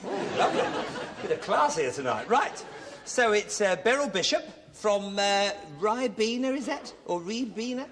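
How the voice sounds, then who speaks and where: A man with an English accent hosting a live TV game show, teasing contestants with quick jokes and asides. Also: sits high, very animated, a little hiss or hum. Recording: 1970s TV studio with loud audience.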